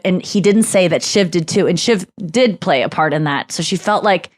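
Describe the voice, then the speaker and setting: A woman in her thirties hosting a podcast, talking in a rambling, animated way full of fillers and restarts. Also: fairly low pitch, normal speed. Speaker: podcast host. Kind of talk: casual chat.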